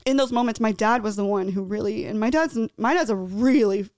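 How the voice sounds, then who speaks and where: A woman's voice: medium pitch, a little mellow, no room sound, studio quality. Earnest tearful woman podcast host. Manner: earnest, halting, many restarts and fillers. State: tearful, choked up. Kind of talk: emotional personal storytelling.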